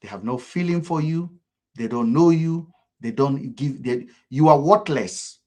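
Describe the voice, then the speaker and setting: Nigerian male commentator, mid-pitched, fervent and repetitive, jumps between loud outbursts and quiet lines. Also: measured pace. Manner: fervent, repetitive, sharp swings in loudness. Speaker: political commentator. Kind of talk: impassioned political commentary.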